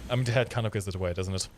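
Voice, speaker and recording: A man co-hosting a live gameplay stream, chatting in a lively, teasing way while he plays. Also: sits low, quick pace, slight background noise. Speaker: stream co-host.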